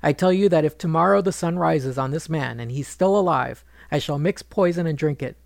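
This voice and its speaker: A man voicing a proud queen who is furious and grieving, speaking bitterly in his gravelly storytelling voice. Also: a little high, brisk, darkish tone, no echo, studio quality. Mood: bitter, pleading. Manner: bitter, accusing speech.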